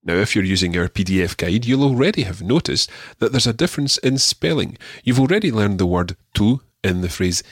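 A man teaching a radio language lesson, patient and encouraging, repeating words slowly for the learner. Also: fairly low pitch, animated, slightly rough, no echo, studio quality.

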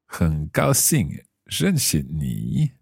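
Man acting as polite foreign visitor, slow careful lines, deep, lively pitch. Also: creaky, husky, no echo, studio quality, full character voice. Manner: slow careful practice dialogue.

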